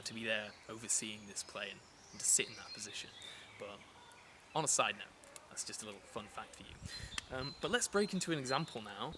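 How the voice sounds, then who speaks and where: A man teaching a lesson in a relaxed, chatty way, with frequent fillers and restarts. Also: mid-range voice, noisy background. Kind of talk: casual explanatory lesson.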